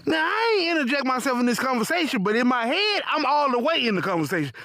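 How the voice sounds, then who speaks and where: A man telling a profane comic story in an animated voice full of punchy asides. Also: very high voice, quick pace, gravelly, few pauses, dry recording. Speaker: comedic storyteller.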